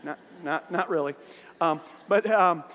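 A man preaching a sermon as a pastor, telling a Bible story with lively asides and often repeating words as he restarts sentences. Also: a little high, unhurried. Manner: animated storytelling, acting out voices of biblical figures. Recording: hall with long reverb.

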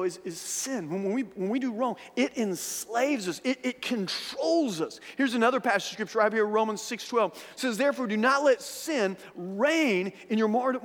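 A pastor with a high, slightly bright male voice preaches an earnest, repetitive sermon, at times acting out what other people said. The recording carries a long hall reverb.

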